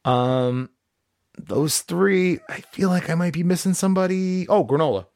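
A man's voice: high voice, moderate pace, darkish tone, no echo, studio quality. A young man co-hosting a podcast, chatting casually and profanely about a movie and acting out character lines. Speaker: podcast co-host. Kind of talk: casual movie review chat.

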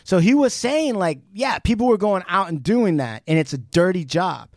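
A man's voice: high voice, moderate pace, no room sound. Guy on a podcast telling a story, swears a lot, trips over his words, dry close mic. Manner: animated retelling, swears freely, many restarts. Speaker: podcast co-host. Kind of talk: casual podcast chat.

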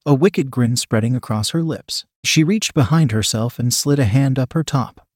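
Casting: male narrator for an adult story, mid-pitched, dry close sound. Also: expressive, moderate pace, a little mellow, no room sound.

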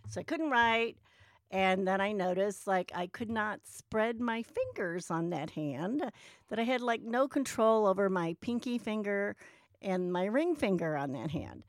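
A woman's voice: medium pitch, a little slow, no echo, clean studio sound. A woman casually telling a personal story, acting out the voices of people she quotes. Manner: animated, acts out quoted dialogue.

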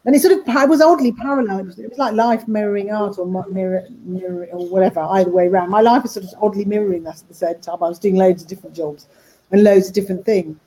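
A woman's voice: mid-range voice, fast, dark tone, a little hiss or hum, poor audio. A woman talking casually about her work in animation and voice acting, rambling with restarts. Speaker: animator and voice actor. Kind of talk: casual interview talk.

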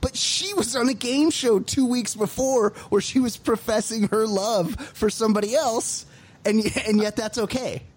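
A man co-hosting a comedy podcast, telling stories in an animated, profane way and laughing as he goes. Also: high-pitched, normal speed, husky. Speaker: podcast co-host. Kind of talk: casual comedic chat.

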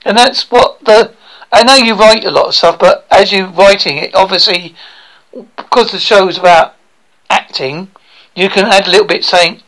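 A man hosting a radio show, chatting casually in a halting way. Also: high voice, a bit bright, low-quality recording. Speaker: radio host. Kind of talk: casual chat.

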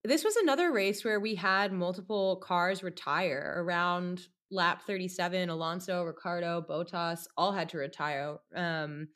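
A woman's voice: fairly low pitch, moderate pace, few pauses, a bit bright. A young woman co-hosting a casual sports podcast, explaining things in a plain way. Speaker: podcast co-host.

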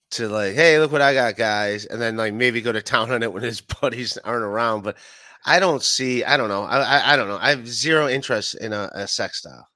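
A man's voice: medium pitch, bright, forceful tone, dry recording. A man, a comedian being interviewed over a call, talking casually with dry humor and hesitant restarts. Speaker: comedian guest.

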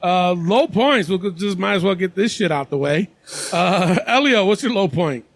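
A man hosts a casual podcast with a high, gravelly voice. He meanders and hedges as he talks, and his voice comes through dry and close with no room sound. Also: lively intonation, normal speed, dry recording. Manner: meandering, hedging delivery. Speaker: podcast host.

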